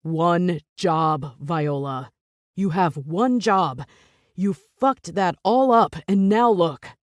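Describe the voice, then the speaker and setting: A woman voicing a furious, protective male boss and father in an audiobook, accusing at first, later murmuring low and remorseful. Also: slow pace, no room sound, studio quality.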